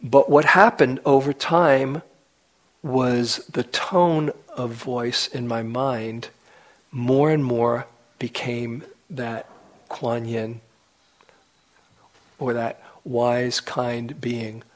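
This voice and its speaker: Slow, gentle male meditation teacher. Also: medium pitch, steady tone, rough recording. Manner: gentle, unhurried, with soft whispered asides. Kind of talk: dharma talk. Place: meditation retreat hall.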